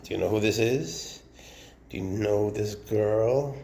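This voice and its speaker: Guy with a gravelly voice, casual snake-keeper chat, coos at his pets. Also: fairly low pitch, slow pace, slight background noise. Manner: chatty, coos at his snakes, often drops to a hushed murmur.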